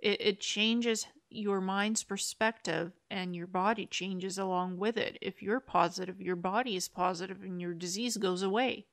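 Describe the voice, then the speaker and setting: A woman's voice: mid-range voice, fairly even intonation, normal speed, few pauses. Earnest upbeat woman hosting spiritual talk. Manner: earnest, upbeat, acts out inner voices. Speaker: host. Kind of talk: spiritual interview chat.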